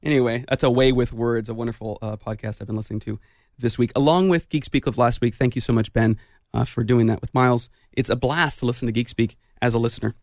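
A man's voice: mid-range voice, fairly even intonation, quick pace, a little mellow, no echo, clean studio sound. A man hosting a call-in radio show, chatting playfully and laughing often. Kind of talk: casual radio chat.

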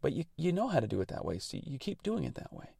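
A man's voice: a little high, wildly swooping pitch, quick pace, creaky, dark tone, slightly rough, no echo, studio quality. A man hosting a radio show, talking through technical details and his thoughts in an earnest, reflective monologue.

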